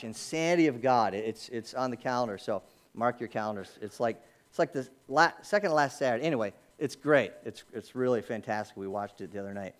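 A man preaching a sermon as pastor of his church, talking conversationally with asides and rhetorical questions. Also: medium pitch. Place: church sanctuary.

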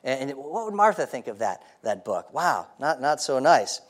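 A man's voice: medium pitch, sing-song, normal speed. A man preaching a sermon in a conversational way, asking the congregation rhetorical questions and often repeating his first words. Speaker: pastor.

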